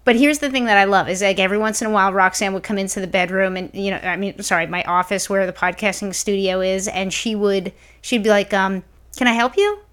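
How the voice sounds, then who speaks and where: A woman co-hosting a podcast, telling stories in a blunt, profane, animated way. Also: medium pitch, fast, few pauses, clean tone. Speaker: podcast co-host. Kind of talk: casual podcast chat.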